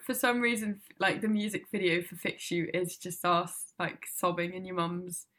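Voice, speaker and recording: A young woman in casual chat, rambling and chatty, quick to laugh and swearing freely. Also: lowish voice, little pitch movement, fairly bright tone.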